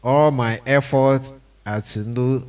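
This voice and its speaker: Man, play read aloud, very slow pace, deliberate, reads all parts and directions. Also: medium pitch, steady tone, darkish tone, smooth. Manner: slow, deliberate reading of every part and stage direction. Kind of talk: reading a play script aloud.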